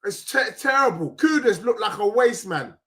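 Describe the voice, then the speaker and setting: Hoarse young man, high and sharp-toned, shouting football rants. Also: lively intonation, normal speed. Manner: ranting, often shouting. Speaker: fan channel host. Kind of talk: ranting football reaction.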